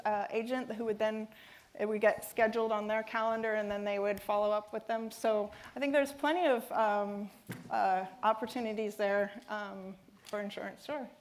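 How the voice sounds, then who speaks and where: Woman speaker, lots of ums. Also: on the high side. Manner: hesitant, many fillers and restarts. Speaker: conference speaker. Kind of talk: conference talk with Q&A.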